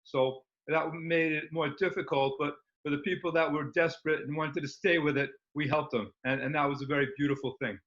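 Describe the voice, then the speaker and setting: A man's voice: fairly high pitch, steady tone, brisk, few pauses, a bit bright. A man speaking as an interview guest, rambling and enthusiastic with many fillers. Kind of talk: casual interview talk. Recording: dull lo-fi recording.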